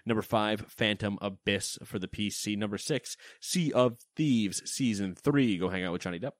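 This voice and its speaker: Lively and jokey, a male co-host reads game lists with playful emphasis on a casual gaming news podcast. His voice is on the low side at a moderate pace, captured in a dry, studio-quality recording.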